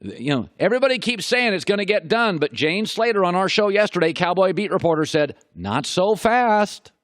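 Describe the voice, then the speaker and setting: Emphatic, animated middle-aged male sports talk host. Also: sits high, quick pace, no room sound, clean studio sound. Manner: emphatic, repeats points for effect, rhetorical questions. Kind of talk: opinionated sports talk monologue.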